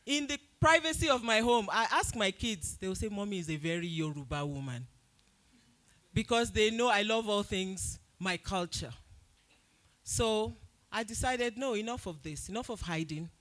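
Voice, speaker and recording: A Nigerian woman speaking to an event audience as its host, telling a story with lively, loud acted-out quotes. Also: mid-range voice. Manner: animated storytelling, acts out quotes loudly. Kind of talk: speech at a live event.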